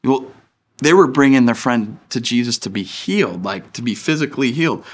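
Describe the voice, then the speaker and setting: A man's voice: medium pitch, a little fast. Casual conversational man preaching a sermon. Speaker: pastor. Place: church stage.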